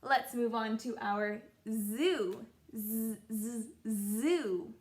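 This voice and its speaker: Slow sing-song teacher woman. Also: on the high side, a little mellow. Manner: slow, sing-song and encouraging, sounding out letters. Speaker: kindergarten teacher. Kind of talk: children's phonics lesson.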